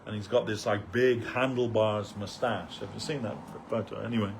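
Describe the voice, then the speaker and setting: Low-voiced older man telling temple stories. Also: fairly even intonation, moderate pace, vocal fry, a little hiss or hum. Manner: rambling storyteller, many fillers and restarts, chuckles between anecdotes. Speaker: devotee speaker at a temple festival. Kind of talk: anecdotal remembrance talk.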